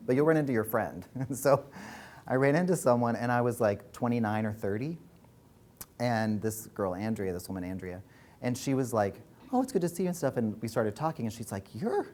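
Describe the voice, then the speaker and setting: A man leading a workshop as coach, telling candid personal stories in a frank, animated way, swearing freely and laughing as he talks. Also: lowish voice. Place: workshop room.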